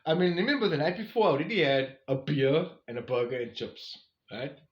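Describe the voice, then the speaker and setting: A man's voice: fairly high pitch, sing-song, a little fast. A man, rambling through a casual storytime recap of his long walk with lots of fillers and asides. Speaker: vlogger on a long-distance walk. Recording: roomy, slightly dull recording.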